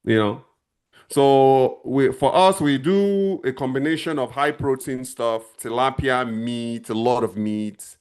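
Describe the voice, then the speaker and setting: A man's voice: mid-range voice, measured pace, darkish tone, clean tone. A middle-aged man from Nigeria, chatting casually on a livestream and talking straight to his viewers. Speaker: channel host answering viewers.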